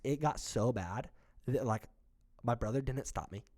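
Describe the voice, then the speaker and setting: Man, podcast co-host, animated storyteller, swears a lot, voices the people in his story. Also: medium pitch, a little slow. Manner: animated, heated storytelling with swearing and acted-out quotes. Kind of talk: casual storytelling chat.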